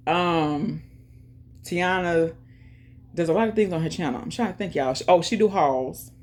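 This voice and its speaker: A woman hosting her own channel, chatting casually and directly to viewers, giving shout-outs and talking about faith. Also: on the low side, normal speed. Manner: chatty, talks straight to viewers with lots of "y'all". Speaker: YouTube channel host. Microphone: earphones in, music playing in her ear.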